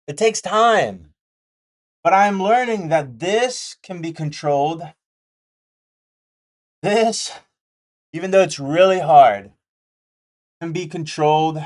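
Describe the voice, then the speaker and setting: Candid trading vlogger, mid-pitched voice. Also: takes it slowly, pauses often. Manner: candid, repeats points for emphasis; jokey asides, mimes chart as it draws. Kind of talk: casual motivational talk while sketching.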